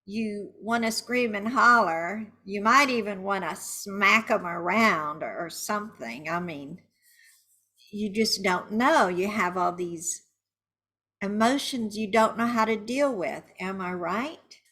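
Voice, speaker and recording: Woman, tapping coach, guided session, slow unhurried delivery, bright tone. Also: mid-range voice. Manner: slow and soothing, shouting angry phrases for the viewer to repeat.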